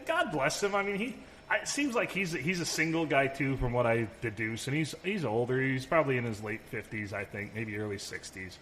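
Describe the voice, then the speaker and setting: A man's voice: medium pitch, fairly quick, a bit bright. A man co-hosting a podcast in casual chat, telling rambling stories and swearing freely. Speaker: podcast co-host. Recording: long reverb, faint room noise.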